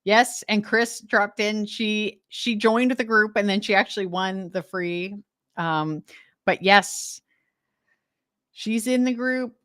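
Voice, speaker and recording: A woman's voice: mid-range voice, slow pace, fairly bright tone, dry recording, studio quality. A woman from Western Canada with a Canadian accent, chatting casually and enthusiastically with viewers as host of a live stream, laughing often. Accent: Canadian English. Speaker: host of a decluttering livestream.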